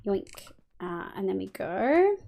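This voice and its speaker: A woman's voice: mid-range voice, big pitch swings, slow, creaky, mellow, a little hiss or hum. An Australian woman live-streaming a game, chatting casually with viewers, thinking aloud and swearing freely. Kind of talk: casual gameplay chat answering viewers.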